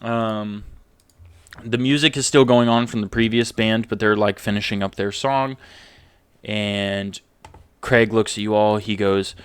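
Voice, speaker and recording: A man's voice: on the low side, fairly even intonation, unhurried, clean tone, no echo. A man narrating as game master of a tabletop game, casual and swearing, laughing at his own jokes.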